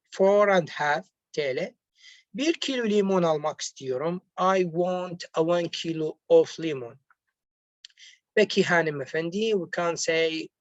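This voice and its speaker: A male language teacher explains word by word at a very unhurried pace, moving back and forth between two languages. He hesitates often and corrects himself mid-phrase. The recording is dry and a little dull, as if made on a lo-fi mic. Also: sits high, no room sound. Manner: hesitant, with frequent pauses and self-corrections. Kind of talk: slow classroom explanation.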